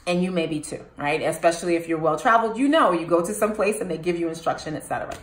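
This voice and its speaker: A woman's voice: on the low side, quick pace, echoey room, slight background noise. A woman hosting her own channel, telling a personal story to the camera and turning to ask the viewers questions. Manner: animated, addresses viewers with questions. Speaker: host.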